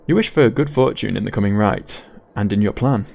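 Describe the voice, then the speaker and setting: A man's voice: fairly low pitch, fairly quick, vocal fry, darkish tone. A man reading game text aloud with playful asides while he plays. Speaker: gaming YouTuber. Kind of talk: game narration and commentary.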